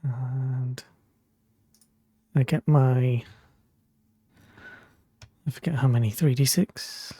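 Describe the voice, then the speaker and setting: A man playing in a tabletop game, hesitant and pausing often. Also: medium pitch, fairly even intonation, dark tone, dry recording. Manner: hesitant, many pauses. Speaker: player. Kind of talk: casual tabletop play.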